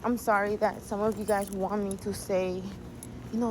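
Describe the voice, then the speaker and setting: A woman's voice: medium pitch, level tone, moderate pace, noisy background. A young woman from Latin America in a frank, heated personal vlog, swearing often and close to tears. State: near tears. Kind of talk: emotional personal vlog rant.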